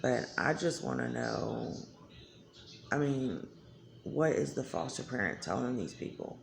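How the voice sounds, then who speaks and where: A woman's voice: very deep voice, lively intonation, unhurried, vocal fry, a little hiss or hum. A woman talking candidly to her viewers in a blunt, emotional way, swearing freely. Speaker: vlogger. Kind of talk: candid talk to camera.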